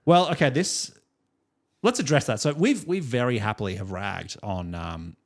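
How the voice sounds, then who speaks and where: At a moderate pace, a young Australian man with a medium-pitched voice chats casually as co-host of a music podcast. He wanders from story to story, chuckling frequently along the way.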